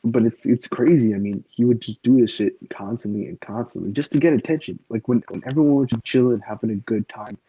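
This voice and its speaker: A man hosts a casual podcast chat, rambling and swearing freely with plenty of fillers. His mid-range voice is mellow and husky, fairly quick with hardly any pauses, in a dry, dull lo-fi recording.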